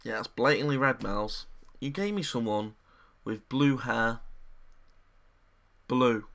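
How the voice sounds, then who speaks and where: A man giving goofy, jokey commentary while opening game packs, swinging from mock despair to excited shouts. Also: medium pitch, slow, gravelly. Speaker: gaming YouTuber.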